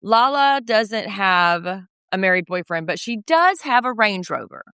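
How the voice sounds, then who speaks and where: A woman co-hosting a casual pop culture recap podcast, snarky and animated. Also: medium pitch, measured pace, clean tone, dry recording, studio quality. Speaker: podcast co-host.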